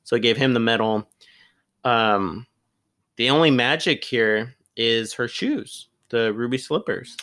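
A young man co-hosts a casual film podcast, recapping plots in a loose, rambling way. He drops the odd curse word and talks in an easygoing tone. His voice sits in an ordinary middle pitch. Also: a little slow, bright, forceful tone. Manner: chatty, swears casually, retells plots loosely. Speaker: podcast co-host. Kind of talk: casual chat.

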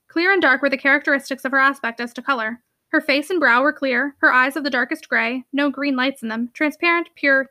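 A woman narrating a classic novel aloud with a brisk, expressive reading. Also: sits high, no echo, clean studio sound. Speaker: audiobook narrator.

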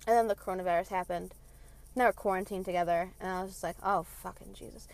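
A woman's voice: fairly low pitch, fairly even intonation, quick pace, darkish tone. A woman in her late twenties ranting from her car, heated, blunt and full of swearing. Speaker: vlogger. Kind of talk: passionate rant.

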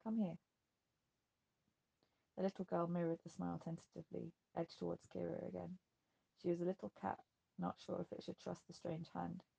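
A woman narrating a novel in an even, measured audiobook reading. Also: on the low side, gravelly, breathy edge. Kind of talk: scripted narration.

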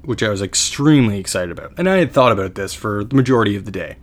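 A young Canadian man with a lowish, lively voice co-hosts a podcast, talking fast as he tells a long story. His casual storytelling is rambling and self-deprecating, with many restarts.

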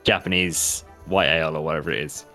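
A man's voice: a bass voice, fairly even intonation, fairly quick, pushed and bright, faint music behind. A man co-hosting a podcast, laid-back, answering with short agreeing replies. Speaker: podcast co-host. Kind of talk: casual chat.

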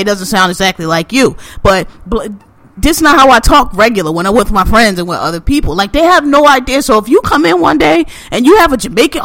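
High bright-voiced man, ranting. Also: fast, no echo. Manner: animated, profane, ranting. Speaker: podcast co-host. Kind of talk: casual podcast chat.

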